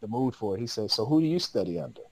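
A man's voice: fairly low pitch, sing-song, racing, a little mellow, no echo, poor audio. A man, a podcast guest, telling a long story in casual, slangy speech with lots of laughter.

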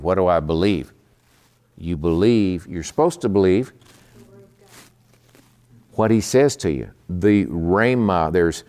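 A man preaching a midweek sermon in a conversational way. He slows down to explain terms and often repeats words. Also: low-pitched, darkish tone. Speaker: pastor.

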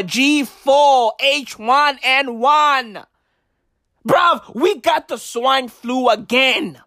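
High, swooping woman in a shouty rant. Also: dry recording, studio quality. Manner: shouty, slangy, wild swings from yells to whispers. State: voice cracking. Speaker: comic ranter. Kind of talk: profane comedic rant.

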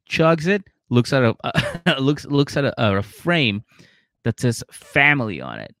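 A man co-hosting a podcast in casual chat, retelling scenes with lively acted-out voices and frequent laughter. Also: mid-range voice, takes it slowly, dry recording, clean studio sound. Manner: animated storytelling, acting out voices, laughing often. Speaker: podcast co-host.

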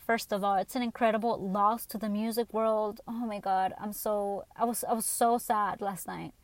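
A woman hosting a podcast, telling stories in a blunt, profane, animated casual rant. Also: medium pitch, moderate pace, dry recording. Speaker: podcast host. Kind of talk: casual ranting monologue.

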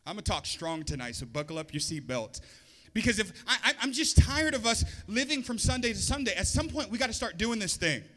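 A male pastor with a high, bright voice preaches a sermon in a loose, conversational way and slips in joking asides. His words ring out with a long reverb that trails through the hall. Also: big pitch swings, brisk.

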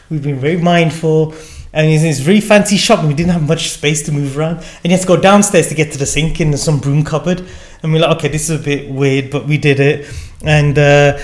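A man's voice: on the high side, darkish tone. A middle-aged man telling a story as an interview guest, acting out the quoted lines with many fillers. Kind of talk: casual storytelling.

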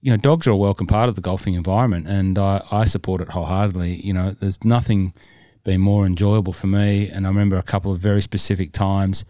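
A man with a low, mellow voice talks in a rambling, jokey way as a podcast co-host. The sound is dry and close to the mic. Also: fairly even intonation, fast talker, no room sound. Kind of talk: casual chat.

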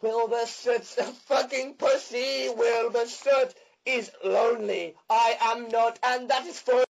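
Sped-up chipmunk playback, extremely high, gravelly fry, mechanical. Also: male voice, fairly even intonation, heavily acted. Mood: squeaky. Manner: chipmunk-fast, mechanical repetition. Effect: sped-up pitch-shifted playback.

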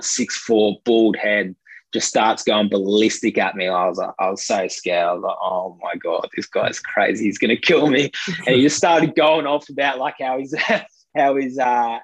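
A man's voice: lowish voice, moderate pace, dry recording, low-quality recording. Australian man telling a rambling story. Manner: rambling, filler-heavy, laughs between lines. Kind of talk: casual anecdote.

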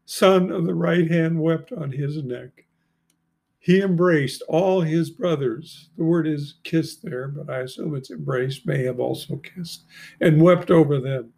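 An older man in his seventies reads scripture aloud at an unhurried, deliberate pace and stops now and then to comment. His voice is gravelly and sits slightly high for a man. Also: a little mellow. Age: 70s. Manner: slow, deliberate reading with brief asides. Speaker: Bible reader and commentator.

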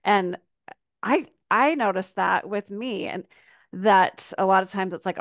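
A woman hosting a podcast, speaking in a thoughtful, soft and unhurried way. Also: mid-range voice, dry recording, clean studio sound. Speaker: podcast host. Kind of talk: reflective podcast conversation.

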